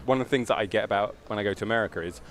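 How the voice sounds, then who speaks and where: A man, co-commentating a tabletop wargame stream in a relaxed, analytical way with easy chuckles. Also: lowish voice, very fast, slight background noise. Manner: relaxed, analytical, chuckles while telling stories. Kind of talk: casual live game commentary.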